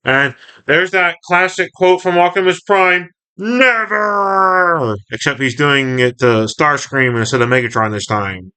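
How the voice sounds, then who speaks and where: A man's voice: medium pitch, moderate pace, few pauses, sharp tone, clean tone. A man reading and reviewing a comic book in a chatty, rambling way, often correcting himself. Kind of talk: casual comic reading and commentary.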